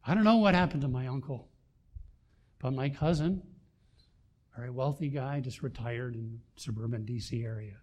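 An older man preaching a sermon, swinging between loud emphasis and quiet asides. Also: medium pitch, normal speed, pauses often. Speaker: pastor.

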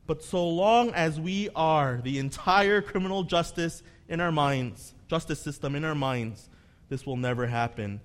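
A male pastor preaching a sermon, moving between emphatic peaks and soft, reasoning passages. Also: a little high, unhurried. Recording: long hall reverb.

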